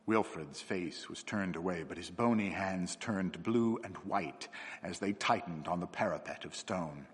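A man reading a story aloud as narrator, in a measured, unhurried way. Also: low voice, fairly bright tone, husky. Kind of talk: audiobook-style story reading. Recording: long hall reverb.

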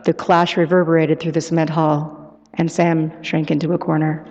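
A woman author giving a live, expressive book reading and taking questions in an event hall. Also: sits low, moderate pace. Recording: echoey hall, muffled live sound.

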